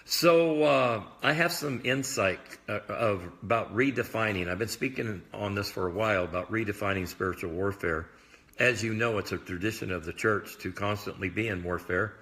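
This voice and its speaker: A man's voice: fairly low pitch, a bit bright. A man who is a prophetic minister, talking casually to viewers in a live video, rambling with many fillers like "uh" and "anyhow". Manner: rambling, loose, filler-heavy talk; admits talking fast.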